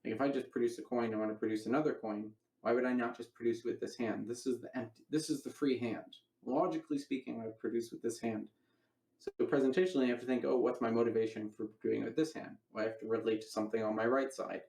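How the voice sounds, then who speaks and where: A man's voice: medium pitch, fairly even intonation, fast, creaky, a little mellow, reverberant, recorded from a distance. A man giving a casual magic lecture, rambling and correcting himself as he demonstrates moves.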